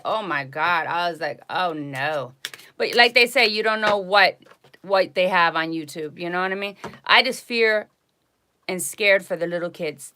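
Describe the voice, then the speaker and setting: A woman hosting a live tarot stream, telling stories to her viewers in an animated, indignant way with frequent asides. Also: medium pitch, a little hiss or hum.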